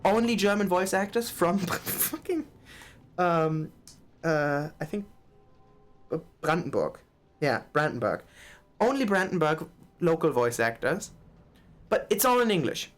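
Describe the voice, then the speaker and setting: A streamer chatting casually while playing a game, rambling, swearing and quick to laugh. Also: mid-range voice, lively intonation. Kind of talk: casual live-stream chat.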